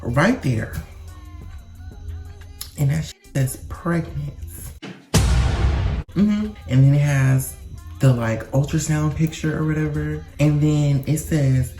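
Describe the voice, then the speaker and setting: A young man vlogging a casual storytime, animated and dramatic, full of slang and swearing. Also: a little high, slow pace, long pauses, soft background music.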